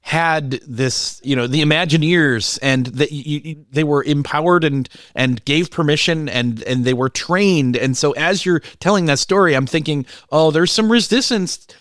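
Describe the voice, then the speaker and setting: A man hosting a podcast, responding thoughtfully in a halting way with small restarts. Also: a little high, a bit bright, no room sound, studio quality. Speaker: podcast host. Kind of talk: reflective interview response.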